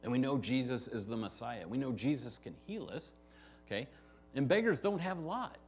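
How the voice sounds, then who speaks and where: A man's voice: mid-range voice, animated, moderate pace, darkish tone, slight background noise. A man preaching a verse-by-verse sermon as pastor, talking to the congregation in a conversational way and often asking "right?". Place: church sanctuary.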